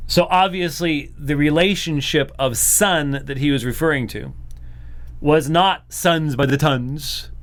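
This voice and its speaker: A man hosts a commentary program with a smooth, resonant voice pitched a little high. He talks casually and animatedly, slipping into mimicking voices in the middle of his sentences. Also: fairly bright tone. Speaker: host of apologetics program.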